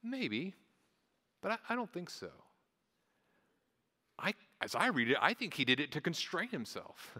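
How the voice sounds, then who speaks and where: Guy preaching in church, bright voice, talks casual w lots of restarts, big echoey hall. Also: a little high, sing-song, measured pace, long pauses. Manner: conversational preaching with repeated restarts and asides. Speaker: pastor. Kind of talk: sermon.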